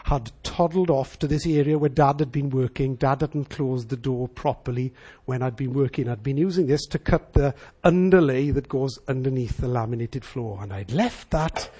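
The husky, mid-range voice of a middle-aged Welsh preacher moves at a moderate pace as he tells stories in his sermon. He brings them to life by acting out each person's voice.

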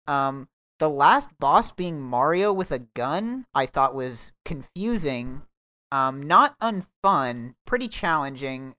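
A man's voice: on the high side, big pitch swings, takes it slowly, sharp tone. A man hosting a casual, joking game-review podcast, leading the talk and moving it along. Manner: leads the talk, loose and joking. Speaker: podcast host.

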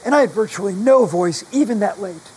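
Speaking briskly and expressively, a man with a high, darkish, slightly rough voice shares stories as a guest author. His voice has been damaged by long covid, and his manner in this live conversation is chatty and self-deprecating. Recording quality is low.

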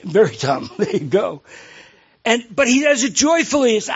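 Pastor, male, high voice, loose and jokey, talks straight to the pews. Lo-fi recording. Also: sing-song, normal speed, slightly rough. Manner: jokey, conversational, asks the congregation questions. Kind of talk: sermon.

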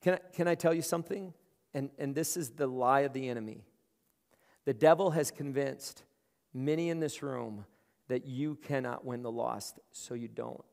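A man's voice: medium pitch, normal speed, vocal fry, a little mellow. A male pastor preaching a conversational sermon, often repeating words as he starts his phrases. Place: large room. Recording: long hall reverb.

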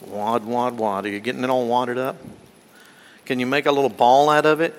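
Male pastor, children's sermon, teasing and questioning, slightly high voice, long church reverb. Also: a bit bright. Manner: playful, coaxing, full of questions to children. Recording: long echo of a large hall.

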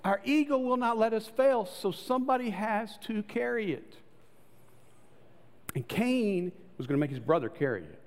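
Animated male preacher in a reverberant hall. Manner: conversational preaching, acts out voices with rising pitch. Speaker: pastor. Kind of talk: sermon.

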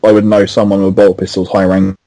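A man's voice: low voice, monotone, fast talker, dark tone, no room sound, rough recording. A man playing in a tabletop role-playing game, talking in a laconic, matter-of-fact way. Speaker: player. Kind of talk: casual tabletop game play.

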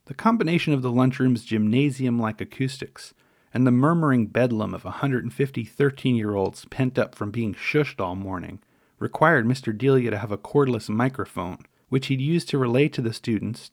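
A middle-aged man narrating a memoir story in a wry, measured, dryly humorous way. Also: mid-range voice, no echo, clean studio sound.

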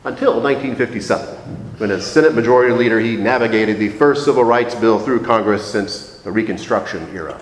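A man preaching a reflective, measured sermon, slowing down to stress key phrases. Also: fairly low pitch, slight background noise. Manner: measured, reflective, slows for emphasis. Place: church sanctuary. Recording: echoey church hall.

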